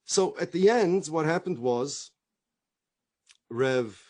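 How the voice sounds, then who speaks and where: Slow and somewhat high-pitched, a middle-aged man speaking as a rabbi spins conversational stories. He acts out the dialogue with animation, repeating himself frequently along the way.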